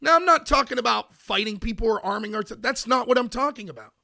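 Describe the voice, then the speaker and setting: A man's voice: very high-pitched, quick pace, creaky, bright, forceful tone. An American man hosting a political commentary show, ranting emphatically and answering his chat. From United States. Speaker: podcast host.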